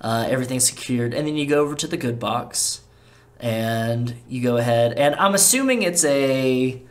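A man's voice: medium pitch, moderate pace. Laid-back man running a tabletop game. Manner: relaxed, casual, many fillers. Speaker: game master.

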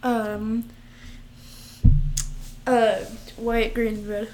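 Woman, higher voice, casual and giggly, hesitant reader. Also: flat delivery, drawn-out words, a little mellow, a little hiss or hum. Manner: giggly, hesitant, stumbles over foreign words. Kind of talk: casual chat reading out national dishes.

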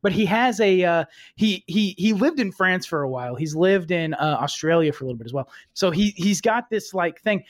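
A man co-hosts a podcast, rambling through casual banter with quick asides. His voice is high for a man, and it is recorded close and dry. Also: animated, dry recording. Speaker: podcast co-host.

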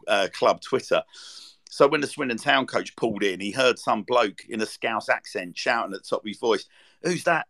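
A man's voice: lowish voice, creaky, fairly bright tone. A man co-hosting a casual football podcast, rambling through stories with plenty of ums and restarts. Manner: rambling, full of fillers and restarts. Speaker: podcast co-host. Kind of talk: casual chat.

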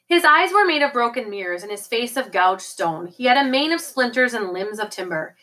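A woman reading a novel aloud as an audiobook, in a steady storytelling manner. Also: fairly high pitch, moderate pace, poor audio. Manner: steady storytelling with occasional slips and restarts. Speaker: audiobook reader.

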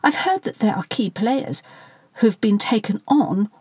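A woman reading the part of a practical, sharp-tongued middle-aged wife with a brisk manner. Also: medium pitch, animated, breathy edge, dry recording.

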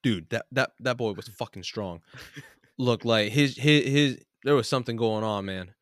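A young man co-hosting a casual chat, telling a story in an animated way, swearing freely and laughing often. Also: mid-range voice, normal speed, dry recording, clean studio sound.

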